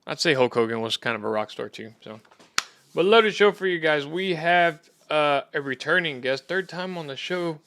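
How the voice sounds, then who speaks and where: A man's voice: on the high side, expressive, moderate pace, a bit bright, no echo. Casual profane Texan male podcast host. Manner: rambling, loose and profane. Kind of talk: casual chat.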